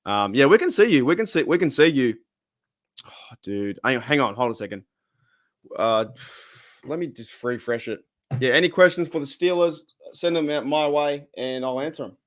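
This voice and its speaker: Hoarse Australian man hosting a livestream. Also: mid-range voice, sing-song, moderate pace, pauses often, dry recording, clean studio sound. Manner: chatty, rambling, reading out viewer comments. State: hoarse, voice cracking. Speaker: livestream host. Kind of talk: casual live chat with viewers. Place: home room.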